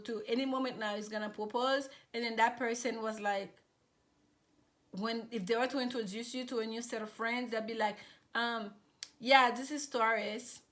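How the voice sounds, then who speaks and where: A woman giving a casual tarot reading, chatty and rambling, with many fillers and restarts. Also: fairly high pitch. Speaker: tarot reader.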